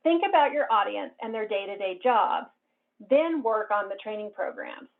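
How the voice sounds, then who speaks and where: A woman presenting a cybersecurity talk in a clear, explanatory way. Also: medium pitch, expressive, moderate pace. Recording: narrow phone-like band.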